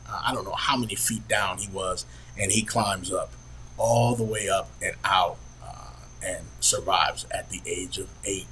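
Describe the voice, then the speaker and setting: A middle-aged man hosting a podcast, telling a family story in an earnest, halting way with many pauses and fillers. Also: mid-range voice, a little hiss or hum, poor audio. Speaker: podcast host. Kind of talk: personal storytelling.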